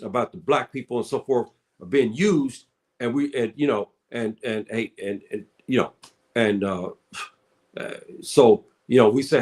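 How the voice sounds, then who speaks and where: A man's voice: mid-range voice, measured pace, darkish tone. A man giving casual spoken commentary, addressing listeners as brother and sister and often repeating his words.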